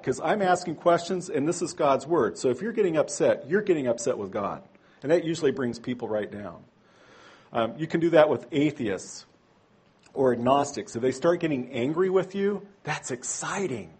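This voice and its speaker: A man's voice: mid-range voice, darkish tone, slightly rough. A man teaching a church training class in a conversational way, tossing in rhetorical asides and correcting himself aloud. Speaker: Bible teacher.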